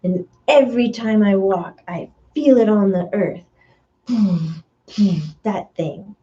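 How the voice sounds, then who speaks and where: Slow, mellow-voiced woman giving a spiritual reading. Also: muffled recording. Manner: slow, dreamy, searching for words with many fillers; acts out voices with sudden high outbursts. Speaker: spiritual medium. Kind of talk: energy reading monologue.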